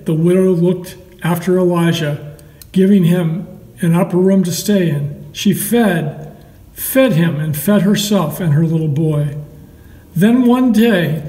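A man reading a Bible story aloud to children in a slow, measured storytelling way. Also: high-pitched, warm tone. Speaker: Sunday school storyteller. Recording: echoey hall, mic far off.

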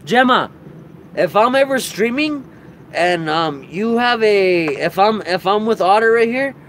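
A man's voice: high voice, animated, unhurried, a bit bright, a little hiss or hum. A man streaming live, chatting casually, laughing a lot and swearing freely.

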